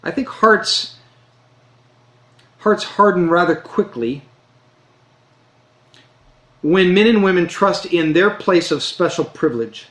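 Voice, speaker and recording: A man preaching a sermon, earnest and emphatic, slowing down to stress key phrases. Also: high-pitched, lively intonation, fairly bright tone. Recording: roomy echo.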